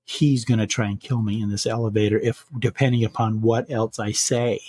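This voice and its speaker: A frightened young woman trapped in a stalled elevator, pleading to be left alone, as a male storyteller puts her on. Husky and dry, told plainly within a spooky bedtime story. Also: on the low side, little pitch movement, brisk, a little mellow, no room sound, lightly acted. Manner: panicked, pleading.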